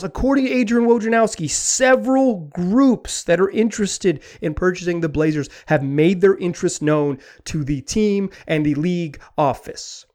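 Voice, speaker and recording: A man hosting a sports talk podcast, talking in an animated, rambling way with frequent restarts. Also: high voice. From Pacific Northwest. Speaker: podcast host.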